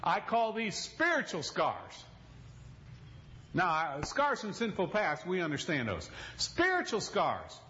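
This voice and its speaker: A man's voice: high-pitched, very animated, measured pace, bright, forceful tone, lo-fi sound. A male pastor preaching a sermon in a folksy, emphatic storytelling manner, recorded in a church.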